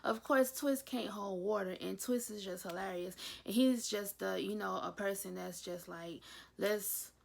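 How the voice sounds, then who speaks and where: A woman's voice: medium pitch, normal speed, gravelly, few pauses. A young woman chatting casually through a TV episode recap as a reviewer, retelling scenes with gossipy asides. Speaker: YouTube reviewer.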